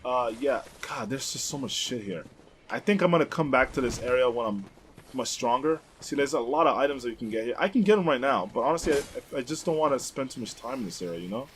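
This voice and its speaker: A young man hosting a let's play, giving rambling, excitable gameplay commentary and swearing freely. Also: mid-range voice, fast talker, a little hiss or hum.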